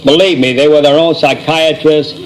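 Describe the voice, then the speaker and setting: A man with a notably high voice spins Yiddish-flavored jokes in a folksy, storytelling way. He drops quickly into little character asides. The sound is an old record with a faint layer of noise. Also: steady tone, low-quality recording. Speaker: stand-up comedian. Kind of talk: Yiddish-flavored joke telling.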